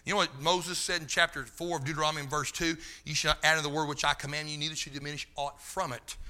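A man preaching a sermon in a fervent, folksy way, talking straight to the room and rising to shouts. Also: on the high side, little pitch movement, fast talker. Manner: loses his place, talks to the room.

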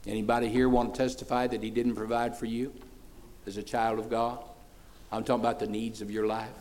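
A man in his sixties, a pastor preaching a sermon in church, folksy and plain-spoken, swelling loud for praise and then dropping low and soft. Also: flat delivery, brisk, slight background noise. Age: 60s.

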